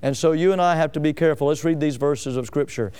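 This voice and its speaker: A man preaching a sermon with fervent emphasis. He repeats key phrases and often pauses with "uh". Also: fairly high pitch, darkish tone, clean tone. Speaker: pastor.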